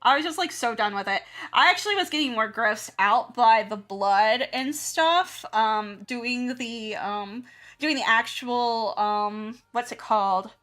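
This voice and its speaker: A woman from the American South, an art streamer and teacher, chats casually while drawing on stream. Her voice is on the high side and fairly bright, with a measured pace. She rambles and laughs often, acting out her own reactions.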